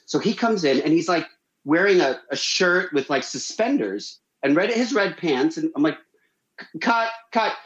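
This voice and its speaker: A man telling a story on a radio show, animated and acting out the people he quotes. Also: normal speed, echoey room, muffled recording. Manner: animated, acts out quotes with big pitch jumps. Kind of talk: casual storytelling.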